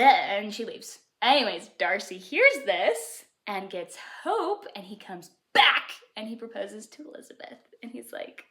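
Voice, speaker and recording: A woman in her twenties giving a chatty, sassy, animated book review vlog. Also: on the high side, fairly quick.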